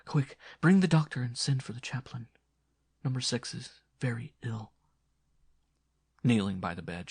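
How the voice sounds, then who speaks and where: A man narrating a horror tale in a measured, grave storytelling manner. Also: low voice, vocal fry, a bit bright, dry recording, clean studio sound.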